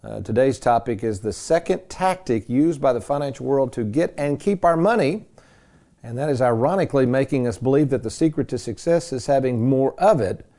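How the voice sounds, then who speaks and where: A man's voice: mid-range voice, expressive, brisk, dark tone. A man hosting a radio talk show on retirement money, talking in a folksy, joking, rambling way with plenty of fillers into a studio microphone. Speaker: radio host and retirement planner.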